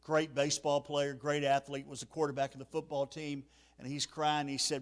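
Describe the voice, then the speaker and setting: Emotional preacher telling a story. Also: male voice, fairly high pitch, flat delivery, moderate pace, few pauses. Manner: emotional, repeats words, drops to near-whisper at sad moments. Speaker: evangelist. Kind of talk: revival sermon storytelling. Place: church sanctuary.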